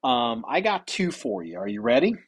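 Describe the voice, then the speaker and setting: A man's voice: mid-range voice, big pitch swings, normal speed, breathy edge. A man hosting a podcast, telling stories in loose, rambling casual chat with some swearing. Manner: rambling, profane storytelling. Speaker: podcast host.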